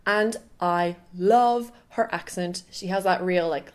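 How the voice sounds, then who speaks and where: A woman's voice: fairly low pitch, slow pace. Chatty Irish woman, gushing vlogger. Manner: chatty, gushing, lots of filler "like". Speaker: makeup artist. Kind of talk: casual vlog recommendations.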